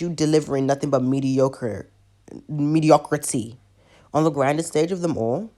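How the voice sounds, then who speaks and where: A woman with a notably low voice delivers a profane, exasperated review vlog. She sounds sick but keeps pushing her complaints with animated frustration. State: sick with covid. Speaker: wrestling reviewer.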